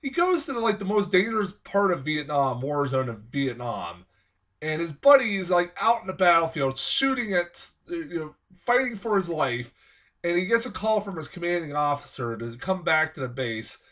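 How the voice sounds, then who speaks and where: A man's voice: on the high side, very animated, moderate pace, fairly bright tone. A man giving a casual film review, ranting in an angry, profane, exasperated way. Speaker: movie reviewer.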